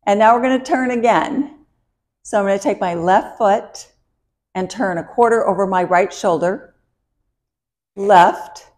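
A woman's voice: medium pitch, a little slow, long pauses, a little mellow. A woman teaching a line dance step by step, counting the beats aloud while she dances, upbeat and encouraging.

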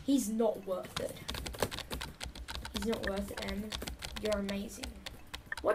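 A young woman YouTuber plays a chat game, casually reading typed lines aloud and making chatty asides to the camera. Her voice is medium-pitched and unhurried with frequent pauses, and loud music plays in the background.

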